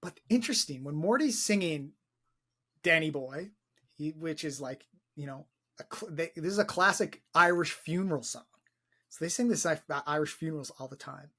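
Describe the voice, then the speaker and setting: An excited young man co-hosting a casual film podcast, his voice sitting a little higher than most. He rambles, stumbles over repeated words and drops casual swears as he gets carried away. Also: moderate pace, breathy edge. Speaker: podcast co-host.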